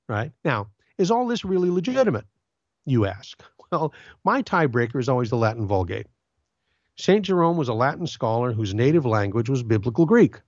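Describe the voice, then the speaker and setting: A man's voice: medium pitch, big pitch swings, normal speed, dry recording, muffled recording. A man reading a gospel passage and then explaining it in an earnest, commentary style, with some fillers and restarts. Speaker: Catholic commentator.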